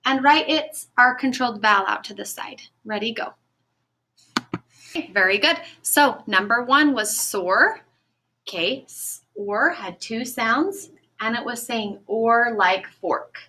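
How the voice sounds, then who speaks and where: A woman teaching a recorded phonics lesson to children, speaking clearly and encouragingly and stretching out the sounds of words. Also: fairly high pitch, lively intonation, bright, forceful tone. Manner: slow, clear, encouraging classroom delivery.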